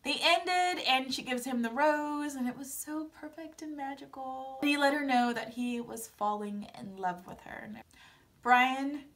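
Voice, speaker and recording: Unhurried and a bit bright, a young woman's high-pitched voice walks through a reality TV episode. As a recap vlogger she keeps it casual and dramatic, performing her own reactions through playful quotes and chatty asides.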